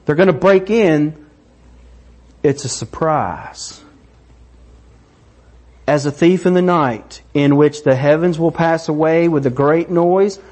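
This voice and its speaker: Animated man preaching a sermon. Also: on the high side, takes it slowly, long pauses. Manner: animated, acts out voices, excited. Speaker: pastor.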